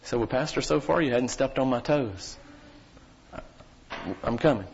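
A man preaching a sermon as pastor, folksy and talking straight to the congregation, his voice swelling at times into near-shouting. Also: mid-range voice, measured pace, vocal fry, dull audio, slight background noise. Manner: preaching with sudden rises to shouting; folksy, addresses the congregation directly.

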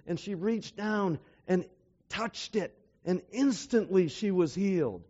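A man's voice: high voice, unhurried, darkish tone. A man preaching a sermon who keeps asking his listeners rhetorical questions and retells stories with emphasis. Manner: asks the audience rhetorical questions. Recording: dull lo-fi recording.

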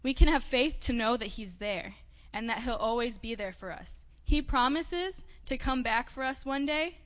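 A woman with a fairly high voice tells a children's story during a church service. She speaks gently and plainly. The recording is dull and lo-fi, and a long reverb trails her words. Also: animated, moderate pace. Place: church sanctuary.

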